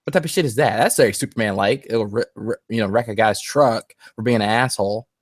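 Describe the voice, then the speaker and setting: A man's voice: lowish voice, fast, no room sound, clean studio sound. A man in casual conversation, loose and profane, laughing between his points. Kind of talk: casual chat.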